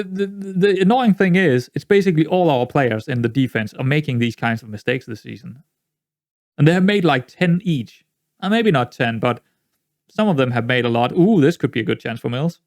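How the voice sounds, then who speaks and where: A man with a fairly high voice talks through a management game as he plays it. He rambles and repeats himself in exasperation. The sound is close and dry, with no room around it. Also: darkish tone, no room sound. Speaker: gaming YouTuber. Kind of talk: let's-play commentary.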